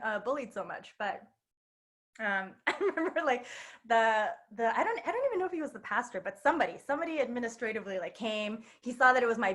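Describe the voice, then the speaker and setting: A woman's voice: fairly high pitch, a bit bright. A woman telling a personal story at a live storytelling night, chatty and full of fillers and laughter. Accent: New York. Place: queer bookstore event space.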